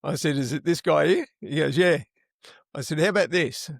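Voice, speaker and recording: Gravelly Australian man spinning a yarn. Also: fairly high pitch, normal speed, dry recording, clean studio sound. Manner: rambling yarn-spinner, swears freely. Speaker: interview guest. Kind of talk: casual storytelling.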